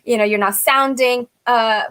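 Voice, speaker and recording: A woman's voice: fairly high pitch, steady tone, moderate pace, a bit bright, clean tone. A woman guest speaking earnestly in a panel conversation, leaning on "you know" as she thinks aloud. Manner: earnest, filler-heavy with frequent "you know".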